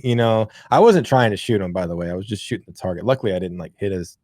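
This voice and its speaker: A man co-hosting a podcast, telling a childhood story in a rambling, profane, animated way. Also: fairly low pitch, brisk, hardly any pauses, no room sound, clean studio sound. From rural. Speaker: podcast co-host. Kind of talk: casual storytelling chat.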